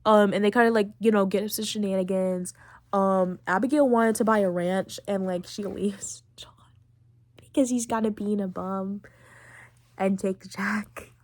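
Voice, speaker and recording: A woman's voice: mid-range voice, fairly even intonation, moderate pace, a little mellow, no room sound. Chatty young woman recapping, dry close mic. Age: late teens. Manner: rambling, heavy on fillers, emotional about the story. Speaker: podcast host. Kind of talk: casual game recap.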